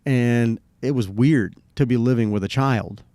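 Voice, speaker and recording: A man's voice: medium pitch, measured pace, warm tone, no echo. A middle-aged man co-hosting a podcast, telling a personal story in a laid-back, rambling way and swearing freely. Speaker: podcast co-host. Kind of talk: casual storytelling chat.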